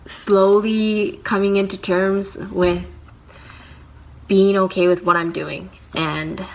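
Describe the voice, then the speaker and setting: A young woman vlogging to camera about her work as a handywoman, talking in a reflective, halting way with many fillers. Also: on the low side. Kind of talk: casual talking-to-camera vlog.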